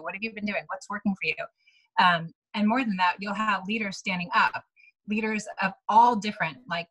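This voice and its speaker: Breathy woman in her 30s giving a pep talk to her team, super chatty, keeps saying like and right. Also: mid-range voice, a bit bright, low-quality recording. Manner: chatty, lots of "like" and "right?", acts out quoted dialogue. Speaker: team leader speaking to her sales team.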